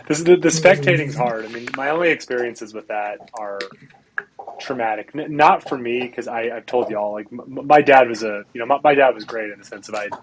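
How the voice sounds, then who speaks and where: A man's voice: medium pitch, fairly quick, a crowd in the background, rough recording. A man hosting a golf podcast, telling stories with animation, lots of "like" and some swearing. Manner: animated storytelling, profane, many "like"s and "you know"s. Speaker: podcast host. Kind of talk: casual chat.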